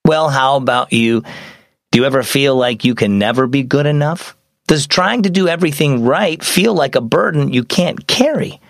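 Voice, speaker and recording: A young adult man hosting a children's devotional show, reading a scripted story with animated storytelling. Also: mid-range voice, moderate pace, creaky, dry recording, clean studio sound.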